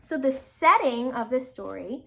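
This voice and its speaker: A woman teacher reads a storybook to her class with dramatic, animated delivery, pausing to quiz the children. Her voice is high and very lively, with wide sweeps in pitch, and she slows down and drops to a whisper for suspense. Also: vocal fry. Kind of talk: reading a storybook aloud to a class and asking questions.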